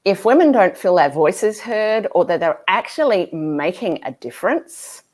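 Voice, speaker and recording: A woman's voice: medium pitch, big pitch swings, a little slow, darkish tone. A woman, a guest speaker and author talking frankly and emphatically in a live video call interview. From Australia. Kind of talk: conversational interview.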